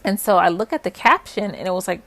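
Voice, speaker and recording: A young adult woman telling her own story in a casual vlog, animated and full of "like" fillers. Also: mid-range voice, quick pace, vocal fry, no echo.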